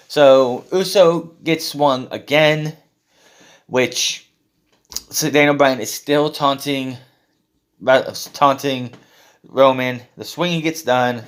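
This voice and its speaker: A man's voice: mid-range voice, fairly even intonation, slow, long pauses, clear, resonant tone. A man recapping a show in a casual, blunt and sarcastic way, with swearing and filler words. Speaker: wrestling show reviewer.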